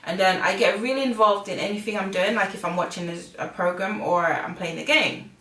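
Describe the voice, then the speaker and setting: A woman's voice: mid-range voice, a little fast, fairly bright tone. Hesitant woman, echoey and distant. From United Kingdom. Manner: hesitant, many fillers and restarts. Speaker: co-host. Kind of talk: casual conversation. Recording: echoey room, far from the mic.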